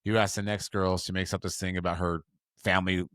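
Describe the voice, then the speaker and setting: Animated self-mocking man telling a story. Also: a little fast, no room sound, clean studio sound. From Utah. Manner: animated, self-mocking storyteller who jumps into high voices for quotes. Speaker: podcast co-host. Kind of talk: casual storytelling.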